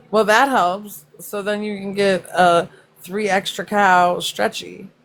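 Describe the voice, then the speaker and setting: A woman's voice: mid-range voice, steady tone, slow pace. A woman hosting a casual livestream, chatting and reacting to comments, laughing often and swearing freely. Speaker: livestream host.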